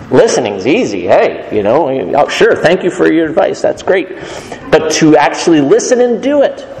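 A man's voice: on the high side, darkish tone. Man preaching in an echoey hall. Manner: conversational, emphatic. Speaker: pastor. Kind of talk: sermon.

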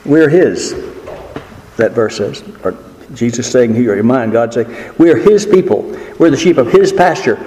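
A man preaching a sermon in an earnest, emphatic way, leaning slowly on key words. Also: mid-range voice, lively intonation, warm tone. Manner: earnest, emphatic, with slow drawn-out stresses. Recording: echoey hall with faint noise.

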